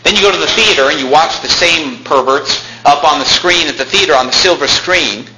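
A male pastor preaching a combative sermon, with big swings in pitch and loudness that climb to shouts. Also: fairly quick. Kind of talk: fiery Baptist sermon. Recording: echoey room with faint noise.

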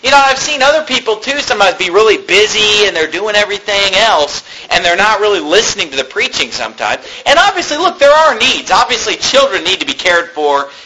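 Man, pastor, sermon, earnest conversational preaching, high voice, faint background noise. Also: big pitch swings, fairly quick, hardly any pauses, sharp tone, low-quality recording. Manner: reads scripture aloud, then explains it conversationally.

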